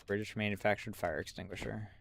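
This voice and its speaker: A man's voice: lowish voice, flat delivery, quick pace, creaky, a bit bright, slight background noise. A man giving casual, wry gameplay commentary, muttering to himself as he plays. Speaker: gamer streamer.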